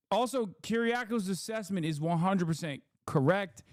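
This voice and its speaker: A man's voice: sits high, expressive, moderate pace, hardly any pauses, dry recording, clean studio sound. A man streaming live, reacting to clips with profane, laughing asides. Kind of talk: live commentary.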